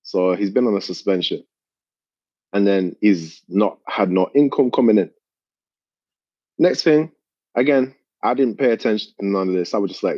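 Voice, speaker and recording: A man telling an animated story in casual chat, swearing a lot. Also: fairly low pitch, fairly quick, dry recording, lo-fi sound.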